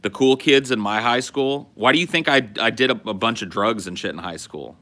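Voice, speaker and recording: Brisk and sharp-toned, with a mid-range voice, a man in his forties from California hosts a podcast. The talk is casual chat: loose, profane stories with frequent restarts.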